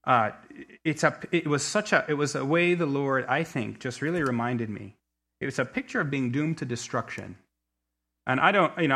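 A middle-aged man preaching a sermon, telling a story with many restarts and swinging between quiet asides and emphatic peaks. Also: medium pitch. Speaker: pastor.

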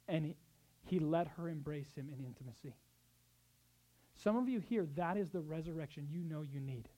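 A man preaching a sermon as pastor, swinging between soft, tender passages and loud, urgent exhortation, with conversational asides. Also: sits high, fairly quick. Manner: acts out quoted speech in conversational asides.

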